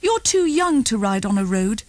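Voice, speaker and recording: A woman's voice: a little high, sing-song, normal speed, a little mellow, no room sound. Woman doing a know-it-all older girl. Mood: explaining. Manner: cheerful, matter-of-fact. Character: friendly, knowing older girl on a bike.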